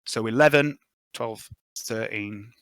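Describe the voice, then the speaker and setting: A man narrating a tabletop game as game master, chuckling and quickly reading out dice results. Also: fairly low pitch, a bit bright, no room sound.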